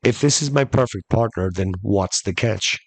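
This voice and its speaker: A man's voice: fairly low pitch, moderate pace, no echo. A man doing a puzzled stranded guy.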